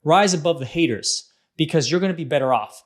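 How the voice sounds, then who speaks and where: Dad in his 30s chatting about parenting, kinda high voice, animated and casual. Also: fairly quick. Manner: animated, acts out quotes. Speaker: parenting vlog host. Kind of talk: casual advice monologue.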